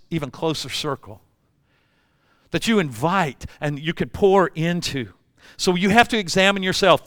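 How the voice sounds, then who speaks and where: Older man, folksy sermon storytelling, fairly high pitch, dry recording. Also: fairly bright tone, dry recording. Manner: folksy storytelling with acted-out voices. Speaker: pastor.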